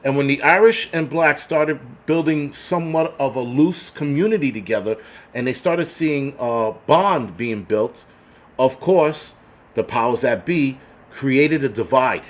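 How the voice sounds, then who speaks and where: A man's voice: medium pitch, measured pace. A man hosting a livestream, ranting bluntly with heavy swearing and many restarts while thanking viewers for donations. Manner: blunt, heavily profane, repetitive restarts. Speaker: livestream host.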